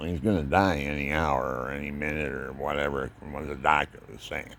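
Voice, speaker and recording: Gravelly low-voiced older man rambling. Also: a little fast, few pauses. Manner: rambling, preachy, animated storytelling. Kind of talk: casual religious monologue.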